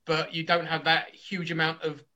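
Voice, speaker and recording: A man, a brewer, explaining his beer as a podcast guest, relaxed with small hesitations. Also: a little high, normal speed. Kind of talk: casual chat.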